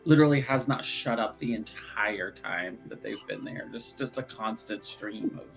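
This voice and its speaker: Man, tabletop game player, amused, animated, mid-pitch voice. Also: normal speed, soft background music, poor audio. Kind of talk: describing his character's actions.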